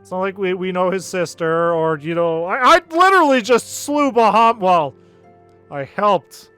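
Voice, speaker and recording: A man's voice: high-pitched, lively intonation, a little slow, pushed and bright, clear, resonant tone, dry recording, faint music behind. A man streaming a video game, commenting casually with sarcasm and lots of swearing.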